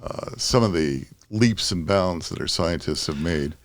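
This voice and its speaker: A man's voice: low voice, lively intonation, measured pace, no echo. A man hosting a casual podcast, rambling and laughing often. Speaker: podcast host.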